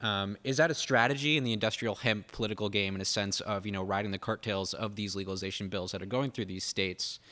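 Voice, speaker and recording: Audience dude, low voice, talks fast, lots of um and like. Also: male voice, fairly even intonation, sharp tone. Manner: rambling with 'like' and 'um'. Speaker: audience member asking a question. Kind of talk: audience question at a forum.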